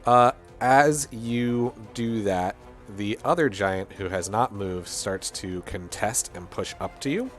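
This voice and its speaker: Slow-talking guy running a tabletop game, lots of um and like, faint music behind. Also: lowish voice. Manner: halting, full of fillers. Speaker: game master.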